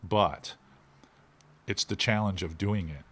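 Slow and husky, his voice sitting low, a middle-aged fishing instructor chats in a casual interview with animated, shifting inflection.

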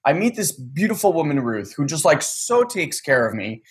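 A man's voice: on the high side, moderate pace. A man telling a story in casual chat, acting out the dialogue and swearing casually. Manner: animated, acts out quoted dialogue, swears casually.

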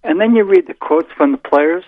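An older man calls in over a tinny, thin phone line. He talks about sports in a measured, thoughtful way and often restarts his sentences. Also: on the high side, no room sound. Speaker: caller, the host's father. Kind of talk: casual sports chat.

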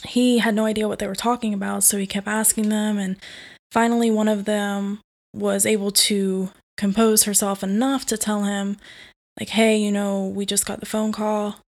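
A woman's voice: medium pitch, little pitch movement, moderate pace, darkish tone. A woman telling a family ghost story in plain, earnest spoken words.

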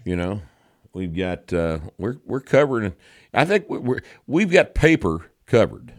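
A man's voice: on the low side, very animated, a little slow, no echo, clean studio sound. A man hosting a casual podcast chat, blunt and opinionated, with some profanity. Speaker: show host.

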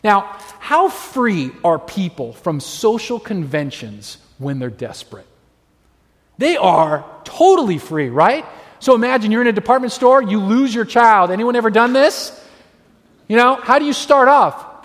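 A man's voice: high voice, big pitch swings, a little slow. A man preaching a sermon, telling stories animatedly and acting out the voices of people he quotes. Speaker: pastor. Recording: long hall reverb.

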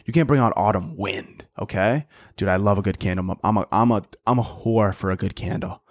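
A man's voice: lowish voice, a little fast, no room sound, studio quality. A young man hosting a solo comedy podcast, crude and mock-aggressive, often laughing at his own jokes. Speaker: podcast host.

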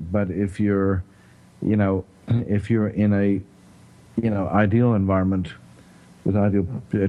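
South african guy talking health, low mellow voice, lots of you knows, kinda dull lo-fi sound. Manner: halting, full of "you know" and throat clearing. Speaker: health talk host. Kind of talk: casual explanatory chat.

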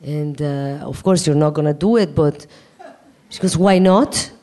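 Animated woman telling a story. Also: deep voice, normal speed. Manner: animated, laughing, acts out quoted dialogue. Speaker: guest answering questions. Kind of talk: casual storytelling and Q&A.

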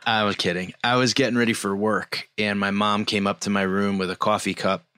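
A man's voice: on the low side, little pitch movement, fairly quick, pushed and bright, smooth, no room sound, studio quality. A man in his forties co-hosting a podcast, telling rambling stories in casual chat with lots of fillers. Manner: rambling storyteller, frequent fillers. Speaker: podcast co-host.

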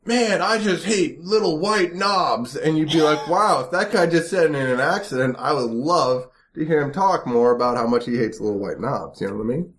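A man co-hosting a podcast in casual banter, animated, who often mimics other people in put-on voices. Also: mid-range voice, a little fast, few pauses. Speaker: podcast co-host.

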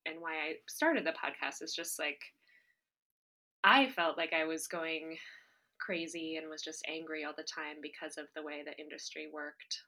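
Bright-voiced earnest woman podcast host. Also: low voice, normal speed. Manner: earnest, emotional, many fillers and restarts. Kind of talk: reflective interview answer.

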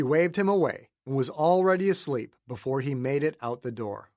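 A man reads a novel as an audiobook, narrating a script in an even, measured storytelling voice at medium pitch. The studio sound is clean, with no room sound.

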